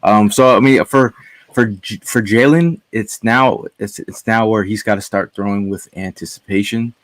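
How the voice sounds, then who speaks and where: A man in his thirties talks casually as a podcast guest, rambling through his thoughts with plenty of fillers. His voice sits low, and the sound is dry and close. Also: moderate pace, no room sound. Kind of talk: casual sports podcast chat.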